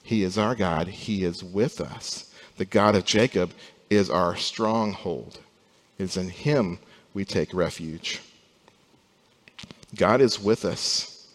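A young adult man, a pastor, preaching a sermon, rising from quiet, slow passages to loud emphasis. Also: low-pitched, in a large hall.

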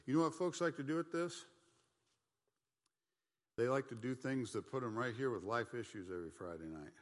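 Speaking at medium pitch in what sounds like a large hall, a middle-aged man teaches Bible study in an animated, folksy, conversational manner, complete with quick asides and playful mock voices.

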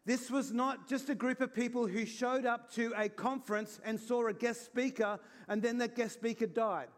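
A man's voice: very high-pitched, fairly even intonation, moderate pace. A man preaching an Easter sermon in an earnest, conversational way, acting out little scenes as he goes. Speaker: pastor.

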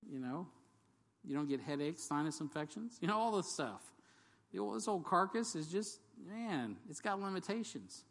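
A man's voice: a little high, expressive, moderate pace, a bit bright. A man preaching a sermon in a conversational, jokey way, asking the congregation questions and reading scripture aloud. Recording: long hall reverb.

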